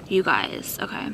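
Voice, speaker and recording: A woman vlogger filming herself on a phone, venting to camera in an upset way, swearing often and filling her talk with "like". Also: background noise. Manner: upset, swearing, full of 'like'. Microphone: phone held while filming.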